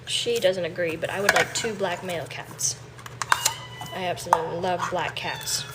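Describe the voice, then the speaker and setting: A woman's voice: lowish voice, moderate pace, very noisy. A woman chatting casually on a livestream from her home kitchen, talking to viewers. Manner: chatty, coos baby talk to her cat. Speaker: livestream host.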